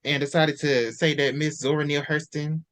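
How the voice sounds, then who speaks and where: A man hosts a relaxed book discussion with a co-host. He talks animatedly and presses on his words as he builds toward a rant. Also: fairly high pitch, a little fast.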